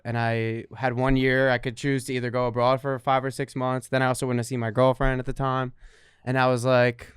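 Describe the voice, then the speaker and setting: A man's voice: mid-range voice, flat delivery, fairly quick, clear, resonant tone, no room sound, studio quality. A young man co-hosting a podcast, telling wry, self-mocking stories in casual comedic chat. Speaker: podcast co-host.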